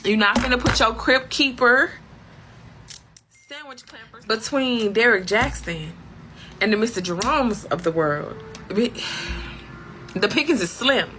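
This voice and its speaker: A woman's voice: on the high side, unhurried, noisy background. A woman telling a comic story as a profane, exasperated rant full of slang. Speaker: comedic storyteller.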